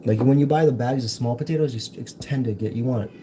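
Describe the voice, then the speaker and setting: A man's voice: mid-range voice, fast talker. A young man hosting a casual cooking livestream from his home kitchen, chatting in a rambling, jokey way as he works. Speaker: livestream host. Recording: noisy home livestream audio.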